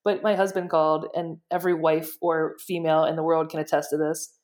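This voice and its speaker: Woman guest chatting, lively storyteller, a bit low voice. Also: fairly quick. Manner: animated storytelling, excited. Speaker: guest, shelter director. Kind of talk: casual interview chat.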